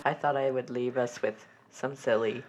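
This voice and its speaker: Low-voiced woman co-host, wry replies. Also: fairly even intonation, moderate pace, a little mellow. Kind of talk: casual chat.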